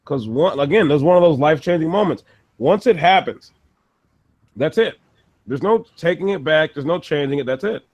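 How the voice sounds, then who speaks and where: Casual podcast co-host, high-pitched man, swears freely while ranting. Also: lively intonation, moderate pace, darkish tone, lo-fi sound. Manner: profane, ranting, laughs often. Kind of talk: casual chat.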